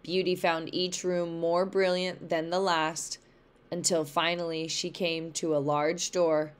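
A woman teacher reading a storybook aloud for a lesson, slow and careful. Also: fairly low pitch, little pitch movement, clean tone. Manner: slow, careful read-along pace.

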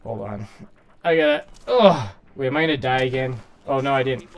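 A man doing casual, excitable gameplay commentary, swearing and shouting at his character while saying he is hungry and tired. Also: medium pitch, normal speed. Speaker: gaming streamer.

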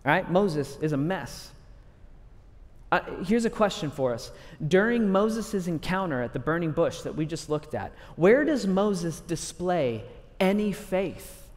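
A man preaching a sermon in an energetic, conversational way, acting out scripture stories. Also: high voice, unhurried, in a large hall. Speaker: pastor.

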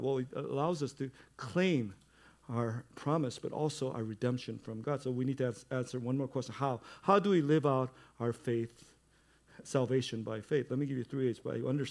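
A middle-aged male pastor giving a sermon in a conversational way, building to loud, emphatic stretches. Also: mid-range voice, vocal fry.

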